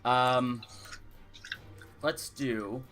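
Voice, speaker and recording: A man serves as dungeon master of a tabletop fantasy game, narrating the scene in an easy, unhurried way. His voice sits at an ordinary middle pitch, and he often stops to fill pauses with ums and uhs. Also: soft background music. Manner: relaxed, with frequent ums and uhs.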